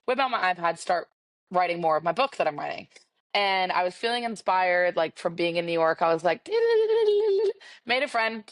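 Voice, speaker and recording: A young woman co-hosting a podcast over a video call, telling a dating story in a chatty, animated way. Her voice sits a little low. The sound is dry and close, with no room around it. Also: dry recording. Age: 20s. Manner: chatty, animated, acts out quoted dialogue. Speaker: podcast co-host. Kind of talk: casual storytelling chat.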